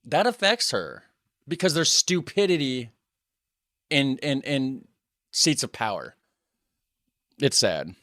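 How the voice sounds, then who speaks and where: A chatty American man reacting to clips for his viewers. His pitch swings up and down as he talks. The recording is dry and close, with no room sound. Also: sing-song, slow pace, long pauses, pushed and bright, no room sound. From United States. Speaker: reaction video host. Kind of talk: casual reaction commentary.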